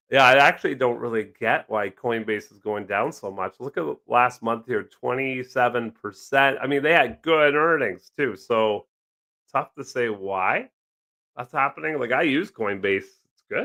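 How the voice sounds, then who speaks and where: Lively, bright-voiced man chatting on a livestream. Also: medium pitch, gravelly. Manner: rambling, joking, reads and answers chat. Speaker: livestream host. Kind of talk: casual live stream chat. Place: home desk with several monitors.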